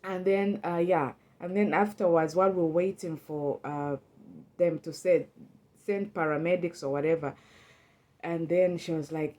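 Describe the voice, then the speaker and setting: A woman's voice: fairly low pitch, fairly even intonation, normal speed, darkish tone. A woman telling a personal story in a casual, emotional way. She often repeats words, restarts, and acts out her own past thoughts. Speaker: storyteller recounting a personal experience.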